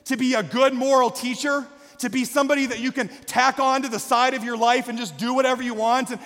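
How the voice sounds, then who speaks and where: A male pastor preaching a sermon with passion, swinging from quiet reflection to shouted calls to the congregation. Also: very high-pitched, fairly even intonation, brisk, hardly any pauses. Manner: impassioned, rising to shouts, calling out to the congregation. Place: church sanctuary. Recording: long hall reverb.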